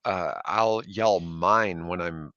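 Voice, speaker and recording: Man from Germany, show host, very low voice, bright edge, laughs easily, dull lo-fi sound. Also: lively intonation, measured pace, no room sound. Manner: laughs easily, loose and chatty. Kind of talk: casual chat.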